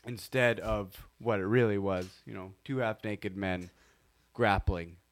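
A man's voice: lowish voice, steady tone, a little slow. A man chatting casually as podcast host, blunt and emphatic. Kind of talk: casual chat.

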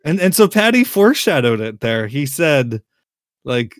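Laughing, halting man in casual chat. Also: medium pitch, big pitch swings, vocal fry, no room sound, clean studio sound. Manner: laughs often, halting restarts. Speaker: podcast host.

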